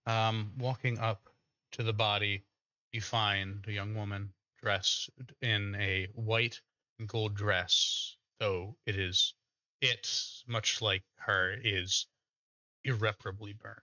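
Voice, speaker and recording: A man narrating as game master of a tabletop game, pausing often with fillers. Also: on the low side, level tone, bright, forceful tone, no echo. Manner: hesitant, many filler pauses. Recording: dull lo-fi mic.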